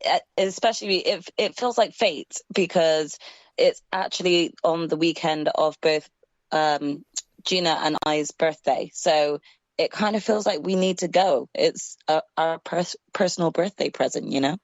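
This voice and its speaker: A woman's voice: sits low, measured pace, dry recording. A woman co-hosting a podcast, chatting casually with a hesitant, playful manner. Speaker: podcast co-host. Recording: dry, dull lo-fi sound.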